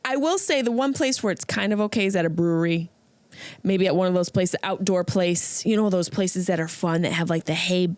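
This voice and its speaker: A woman's voice: on the low side, brisk, dry recording. A woman comedian hosting her podcast, riffing through a comedic monologue and slipping into silly voices.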